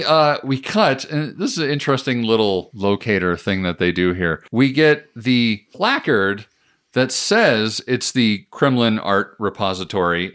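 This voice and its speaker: A male podcast co-host walks through a film's plot in casual chat. He often breaks into laughter. His mid-pitched voice swings widely as he tells the story. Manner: animated recapping with frequent laughter. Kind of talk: casual film review chat.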